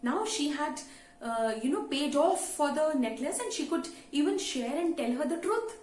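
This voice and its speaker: A woman's voice: high voice, animated, moderate pace, a little mellow. A woman teacher retelling a story to students in a conversational way, with many "you know" fillers. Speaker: English teacher. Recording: roomy with faint ambience.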